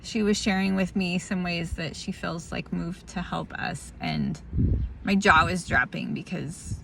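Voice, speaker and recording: A tired woman records a casual spoken diary, her fairly low voice animated but a little slow and marked by vocal fry. She rambles and laughs candidly through a hard family moment as a vlogger giving a family update, with background noise present.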